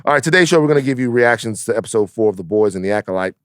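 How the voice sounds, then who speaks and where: Joking, lively podcast host, man. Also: on the low side, very fast, clear, resonant tone, no echo, clean studio sound. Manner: loose, joking, swearing, breaks into mock impressions. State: short on sleep. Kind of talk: casual podcast chat.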